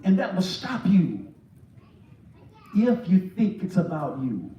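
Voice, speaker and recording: High-voiced preacher in an echoey church. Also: male voice, wildly swooping pitch, slow, lo-fi sound, slight background noise. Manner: humorous, builds to shouting peaks. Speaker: pastor. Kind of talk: sermon. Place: large church sanctuary. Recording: echoey church hall, distant mic, congregation.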